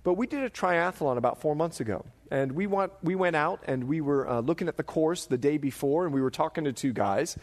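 A middle-aged man preaching a sermon, animated and jokey, slipping into voices as he tells stories. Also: on the high side, a little fast, hardly any pauses, in a large hall. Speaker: pastor.

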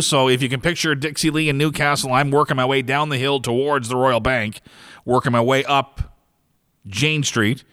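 A man's voice: medium pitch, a bit bright, clear, resonant tone, no room sound. Dry, rambling man. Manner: rambling storyteller, many fillers and chuckles. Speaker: podcast host. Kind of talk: casual sports podcast chat.

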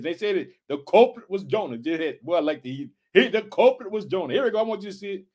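A man with a strikingly high voice preaches in a loose, conversational style. He keeps calling out short prompts to his listeners as he goes. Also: expressive, fast, few pauses, darkish tone. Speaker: Bible teacher. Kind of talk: casual sermon.

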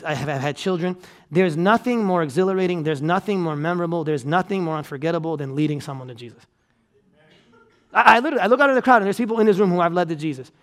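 Male pastor, high voice, energetic sermon delivery, emphatic restarts. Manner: energetic, repetitive preaching with restarts and emphatic repeats. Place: church auditorium.

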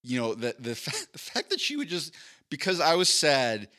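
Guy on a podcast, bright voice, super animated storyteller. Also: normal speed. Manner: animated, acts out his childhood self in a high voice. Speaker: podcast co-host. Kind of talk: casual storytelling chat.

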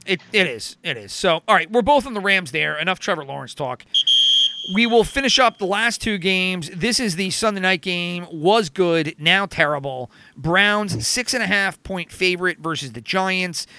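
A man's voice: sits high, lively intonation, moderate pace, pushed and bright, a little hiss or hum. A man hosting a casual sports betting chat, rambling with lots of fillers and self-corrections. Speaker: podcast host.

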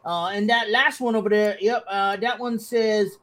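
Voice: medium pitch, steady tone, a bit bright, lightly acted. Game master doing Bodok, forgetful crewman. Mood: apologetic. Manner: slow, halting, with many "uh"s. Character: forgetful male crewman apologizing for lost notes.

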